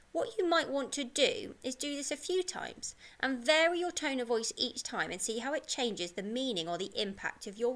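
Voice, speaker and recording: A woman teacher giving a pre-recorded lesson to young pupils, speaking in a bright, encouraging way. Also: sits high. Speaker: primary school teacher.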